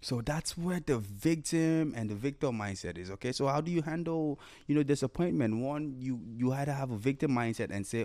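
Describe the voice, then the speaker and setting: A man's voice: mid-range voice, brisk, hardly any pauses, a little mellow. A man hosting a solo podcast, talking casually about mindset and acting out imagined inner voices with repeated phrases. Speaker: podcast host.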